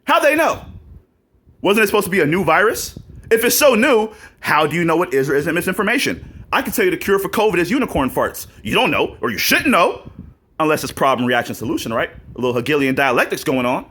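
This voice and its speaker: A man's voice: a little high, very animated, fairly quick. A man ranting to camera in a vlog, profane and combative, firing off rhetorical questions and breaking into mocking laughs. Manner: mocking laughs and loud outbursts. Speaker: vlogger.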